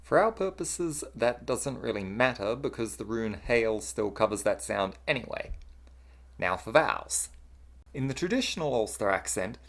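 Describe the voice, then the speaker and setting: A narrator delivering a scripted lesson on accents. The pitch rises and falls in a lively way, and the reading sounds explanatory and even.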